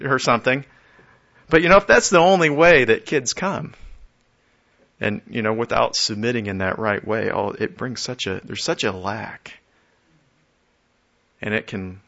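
Bright-voiced man preaching a casual sermon. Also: mid-range voice, moderate pace. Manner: conversational, repeats words, soft chuckles. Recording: dull lo-fi audio.

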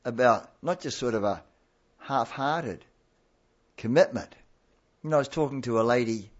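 A male preacher delivers a sermon, leaning on repetition and earnest pleading, and often circling back over his words. His pitch sits in an ordinary middle range. The recording sounds dull and lo-fi.

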